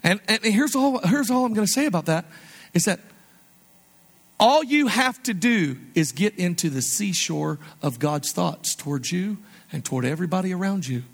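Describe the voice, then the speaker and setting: Animated high-voiced male preacher. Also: moderate pace, vocal fry. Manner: animated, conversational preaching with sudden soft, low asides. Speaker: pastor. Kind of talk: sermon.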